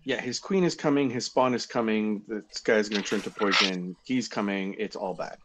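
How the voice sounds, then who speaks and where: A man's voice: fairly low pitch, normal speed, background noise. A man playing a tabletop game, making wry, joking quips. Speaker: player. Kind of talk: casual tabletop play.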